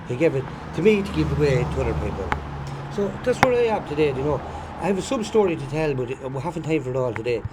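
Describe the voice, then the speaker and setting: Fast-talking Irish man testifying outdoors. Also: on the high side, background noise. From Ireland. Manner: earnest, rambling storyteller, repeats himself. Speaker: pilgrim giving testimony. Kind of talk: personal testimony. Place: outdoors at a pilgrimage site.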